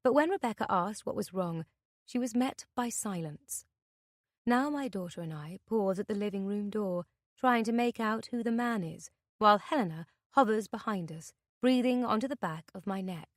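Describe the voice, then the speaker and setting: A woman reading a thriller audiobook in the first person, with a tense, measured delivery. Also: mid-range voice, no echo, studio quality. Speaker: audiobook narrator. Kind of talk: scripted narration.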